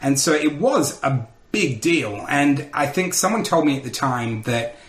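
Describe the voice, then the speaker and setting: A man, a comedian telling lively stories in a podcast interview and acting out the voices of people he quotes. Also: medium pitch, unhurried, echoey room. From Australia. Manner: animated storyteller who acts out quotes. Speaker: comedian and radio host, podcast guest. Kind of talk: casual interview storytelling.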